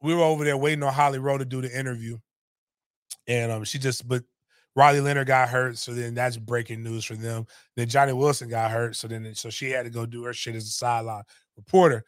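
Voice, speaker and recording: A middle-aged man, telling a story in animated, profane casual talk on a podcast. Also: medium pitch, brisk, no room sound, studio quality.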